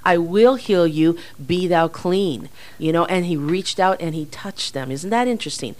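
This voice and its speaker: A woman's voice: on the low side, normal speed, darkish tone. Woman explaining faith with everyday examples. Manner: explains with homely examples, light laughs. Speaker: ministry teacher. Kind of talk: teaching talk on ministry.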